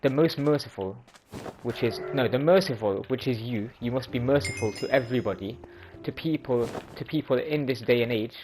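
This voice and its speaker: Hosting a religious video, a man explains sayings informally, frequently restarting and correcting himself as he goes. His voice is medium in pitch and moderate in pace, and the background is noisy.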